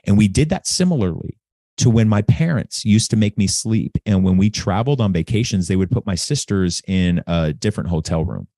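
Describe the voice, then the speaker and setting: Low mellow-voiced man, earnest storyteller. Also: expressive, brisk, no room sound, clean studio sound. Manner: intense, candid, repeats phrases when emotional. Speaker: podcast guest.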